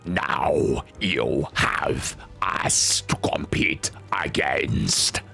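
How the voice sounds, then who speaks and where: A man voicing a stately old two-headed lizard king in a deep, grave robot-hero style for a game. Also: creaky, bright, forceful tone, exaggerated voice. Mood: solemn. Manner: slow, grave pronouncements. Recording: faint game music behind. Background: faint game music.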